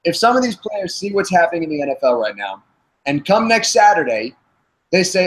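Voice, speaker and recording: A man's voice: sits high, brisk, poor audio. A man with a northern New Jersey accent, leading a casual panel debate, asking long questions with frequent restarts. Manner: stumbling restarts, animated questioning.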